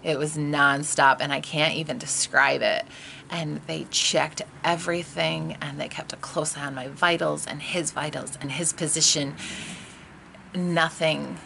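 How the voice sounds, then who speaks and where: Low, gravelly-voiced woman telling a story. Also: steady tone, measured pace, noisy background. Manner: candid, emotional, conversational with fillers. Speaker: vlogger telling her birth story. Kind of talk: personal storytelling.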